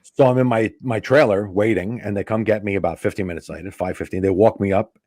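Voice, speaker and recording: A man's voice: fairly low pitch, quick pace, no room sound, studio quality. A male comedian telling a casual anecdote as a guest, acting out the dialogue. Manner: animated anecdote teller acting out quoted dialogue. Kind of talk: casual storytelling.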